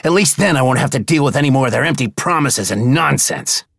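A man doing a defiant young apprentice locked in a cell, speaking with bitterness and anger. The voice is gravelly and husky with lively, jumping inflection. It sounds dry and close to the mic. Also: medium pitch, brisk, no room sound, pitched above the performer's own voice, heavily acted. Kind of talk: audiobook character voice.

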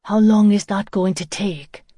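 A woman's voice: medium pitch, steady tone, a little slow, warm tone, husky, no echo, studio quality. A woman reading the part of a kind young mother, soothing and coaxing.

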